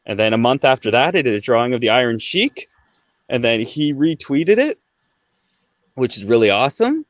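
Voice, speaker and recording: A man in his thirties chats through a personal story as a podcast guest, peppering his talk with "right?" and "like". His voice sits at an ordinary middle pitch. The recording is dull and lo-fi, with a dry, close sound. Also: big pitch swings, moderate pace, no echo. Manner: conversational, fillers like "right?" and "like". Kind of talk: casual storytelling.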